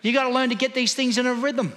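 Bright-voiced pastor preaching. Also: male voice, very high voice, fairly even intonation, quick pace. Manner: preaching with call-and-response to the congregation. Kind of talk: sermon. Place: church hall. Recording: long hall reverb.

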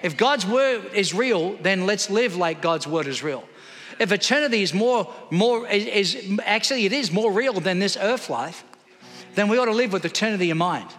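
A man's voice: high-pitched, expressive, normal speed, fairly bright tone, soft background music. A man preaching a sermon in church, calling out to the congregation for responses. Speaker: pastor. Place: church hall. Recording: long hall reverb.

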